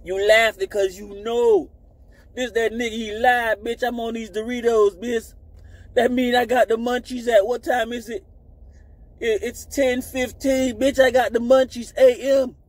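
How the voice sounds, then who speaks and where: A man with a high-pitched voice holds forth in a loud, boastful comic rant, full of street profanity. He talks into a phone camera from inside a car. The hum of the moving vehicle is behind him. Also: steady tone, measured pace, no echo. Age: adult. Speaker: comedic vlogger. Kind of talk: improvised comedic rant.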